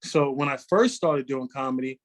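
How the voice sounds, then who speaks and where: A man in his forties, a comedian telling animated stories in a casual interview and slipping into quoted voices. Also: medium pitch, moderate pace. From New York. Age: 40s. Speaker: guest comedian.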